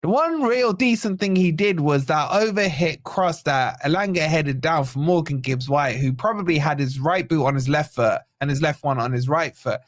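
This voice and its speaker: A man's voice: fairly high pitch, moderate pace, few pauses, dry recording, studio quality. A man hosting a fan reaction livestream, exasperated and sarcastic as he rambles through player ratings. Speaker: fan channel host. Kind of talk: post-match reaction livestream.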